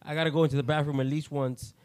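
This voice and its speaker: A man's voice: a little high, little pitch movement, rapid-fire, a little mellow, dry recording. Dry-voiced joking young podcast man. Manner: rambling, joking, crude. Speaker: podcast co-host. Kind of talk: casual podcast banter.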